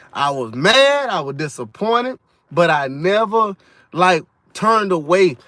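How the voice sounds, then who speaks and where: A man's voice: high-pitched, fairly bright tone, dry recording. A man giving an emphatic, repetitive faith testimony in a casual vlog. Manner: preachy, emphatic, repeats himself. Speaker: vlogger sharing testimony.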